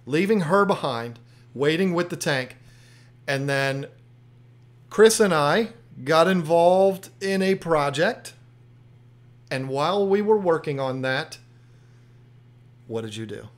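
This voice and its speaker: A man's voice: on the high side, animated, slow, pauses often. A man hosting an aquarium channel, telling a story in casual chat, often restarting and repeating himself.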